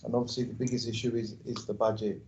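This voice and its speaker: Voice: medium pitch, flat delivery, quick pace, darkish tone, a little hiss or hum, poor audio. A councillor asking brief, friendly questions at a committee meeting.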